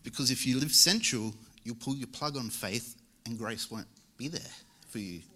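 A man's voice: medium pitch, normal speed, bright, forceful tone. A young man preaching a church sermon in a casual, joking way. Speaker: lay preacher. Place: church service.

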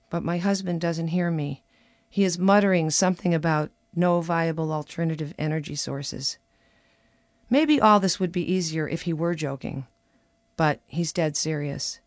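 A woman's voice: deep voice, normal speed, a little mellow, no echo. A woman commentator reading her own wry personal essay in a conversational way, slipping into quoted dialogue.

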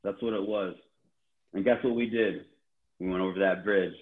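A man's voice: low voice, normal speed. Tinny-sounding New man telling stories. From New Orleans. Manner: animated, acts out others' quotes, slangy. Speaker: podcast guest. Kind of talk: casual storytelling. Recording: tinny phone-like line.

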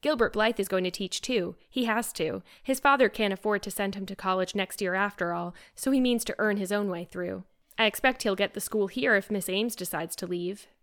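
A woman's voice: medium pitch, fairly quick, a bit bright, natural voice. Storybook: woman reader as a plain-spoken teenage girl, close to her own voice. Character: loyal, slightly jealous teenage girl.

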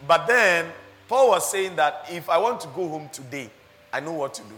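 A man preaching a sermon as pastor, animated, laughing often and asking his listeners rhetorical questions. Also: a little high, moderate pace, long reverb tail.

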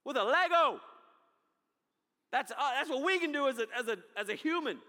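High, bright energetic preacher man. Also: fast talker, in a large hall. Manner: energetic, swings from loud to hushed. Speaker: pastor. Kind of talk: sermon.

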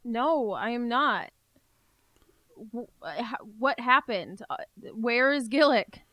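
Slow, bright-voiced hesitant woman. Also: fairly high pitch, lively intonation, no echo. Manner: hesitant, questioning, stammering. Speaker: player. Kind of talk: in-character tabletop play.

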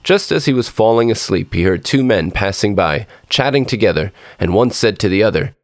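A man narrating a storybook as a podcast storyteller, in a measured, expressive reading. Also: lowish voice, no echo, studio quality.

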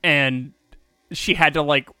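A man's voice: on the high side, fairly even intonation, takes it slowly, pushed and bright, clear, resonant tone, dry recording, studio quality. A man co-hosting a casual comedy podcast, riffing and laughing often, with lots of "like" fillers. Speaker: podcast co-host.

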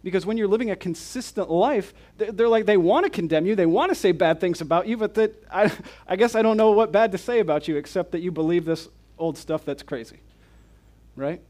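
Emphatic preacher, rhetorical questions. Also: male voice, high-pitched, a little fast, darkish tone. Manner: reads scripture then explains with rhetorical questions; emphatic and repetitive. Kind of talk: conference sermon.

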